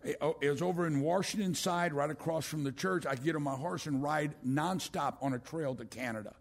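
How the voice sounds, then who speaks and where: An older man preaching a sermon as a pastor, swinging from loud exclamations down to a hushed voice. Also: fairly high pitch, fairly quick, gravelly. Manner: rising to loud exclamations, then dropping to a hush.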